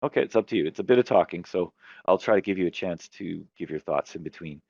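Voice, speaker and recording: A man's voice: low-pitched, animated, quick pace, creaky, darkish tone, dry recording, muffled recording. A man hosting a podcast, chatting casually as a game master who tells a long story and often stops to correct himself. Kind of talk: casual chat about tabletop games.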